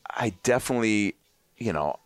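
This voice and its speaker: A man's voice: lowish voice, animated, moderate pace. A man in his thirties telling rambling, profane stories as a podcast guest, slipping into voices for others. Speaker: comedian guest. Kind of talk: casual podcast chat.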